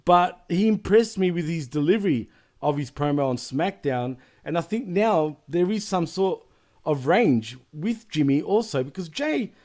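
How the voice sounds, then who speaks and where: A man's voice: on the high side, a little mellow. A man hosting a casual wrestling podcast, chatty and rambling, with frequent laughs. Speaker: podcast host.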